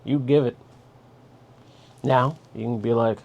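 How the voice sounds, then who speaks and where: Man, mid-pitched, blunt and direct, host of a casual advice monologue. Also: steady tone, takes it slowly, gravelly, muffled recording. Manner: blunt, direct, giving orders.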